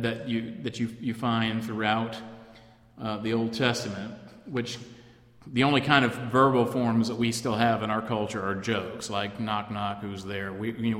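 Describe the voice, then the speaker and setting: A man teaching an informal Bible class, thoughtful and halting, often restarting his sentences. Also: lowish voice, a bit bright. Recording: echoey room with long reverb.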